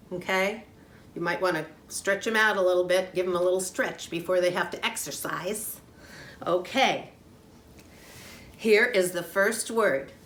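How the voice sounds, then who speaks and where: A woman's voice: lowish voice, a bit bright. Woman teacher chanting phonics in an echoey room. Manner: slow, clearly sounded-out, sing-song chanting. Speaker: kindergarten teacher. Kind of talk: phonics lesson for young children. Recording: echoey room, faint background noise.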